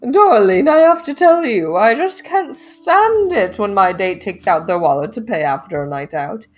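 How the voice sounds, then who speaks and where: A woman voicing a pompous, wealthy rat suitor in an affected high-pitched upper-class drawl. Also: animated, moderate pace, lightly acted. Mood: haughty.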